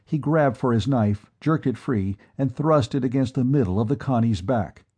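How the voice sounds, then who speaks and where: A man narrating an adventure book in a steady, measured reading. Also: mid-range voice, breathy edge. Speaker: audiobook narrator. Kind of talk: scripted narration.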